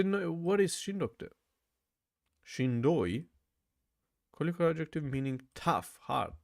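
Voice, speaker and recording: A man's voice: fairly high pitch, big pitch swings, moderate pace, creaky, pauses often. Chatty man repeating words aloud. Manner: thinks aloud, repeats words, says "bro" often. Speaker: language learner vlogger. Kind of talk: casual study vlog.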